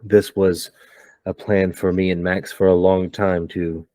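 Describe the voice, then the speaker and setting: A resolute young woman, as a man puts her on at the game table, measured and unhurried. The voice stays low and dry, the pace slow. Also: no echo. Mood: calm. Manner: calm and measured. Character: calm, resolute young woman, a cyborg daughter.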